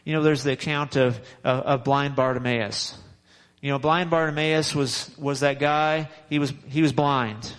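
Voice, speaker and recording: A man's voice: mid-range voice, steady tone, unhurried, fairly bright tone, low-quality recording. A man preaching a sermon in a conversational, repetitive way, with frequent restarts and chuckles. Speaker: pastor.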